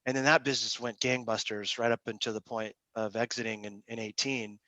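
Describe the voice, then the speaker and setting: A man speaking as a guest in a casual video-call interview, an animated and frank storyteller. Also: lowish voice, a little fast, dry recording. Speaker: guest author and agency founder.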